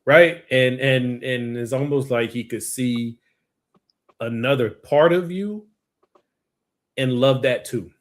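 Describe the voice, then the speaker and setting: A man hosting a livestream memorial, speaking haltingly through grief with many pauses, over a video call. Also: mid-range voice. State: grieving, near tears. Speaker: show host. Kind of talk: emotional memorial tribute.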